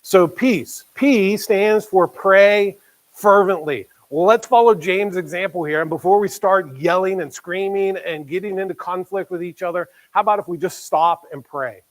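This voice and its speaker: A man preaching a sermon as pastor, conversational, acting out quoted voices and dropping quiet for emphasis. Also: high-pitched, normal speed, poor audio.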